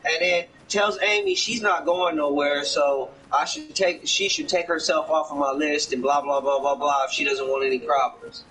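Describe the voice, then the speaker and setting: A man's voice: fairly high pitch, steady tone, moderate pace, hardly any pauses, sharp tone, distant mic, low-quality recording. A man telling a rambling, heavily profane story in casual talk, often acting out other people's words. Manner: rambling, swears often, acts out others' lines.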